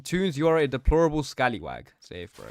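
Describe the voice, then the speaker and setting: A man's voice: fairly high pitch, no room sound. A young man streaming a game, chatting casually, reading out his chat and laughing often. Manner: slangy, reads chat aloud, laughs often.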